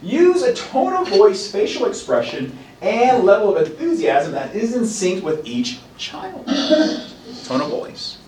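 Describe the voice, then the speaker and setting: A man lecturing a college class in a lively, animated way, acting out parents and children in quick asides. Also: high-pitched, slight background noise. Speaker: college instructor. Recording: roomy classroom heard from a distance.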